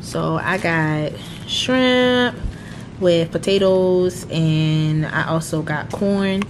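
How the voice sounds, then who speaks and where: Young woman vlogging, animated and fed up, curses a lot, phone mic with faint hiss. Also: on the low side, extremely slow. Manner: animated, exasperated, swears freely. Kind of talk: casual vlog chat. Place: hotel room at night.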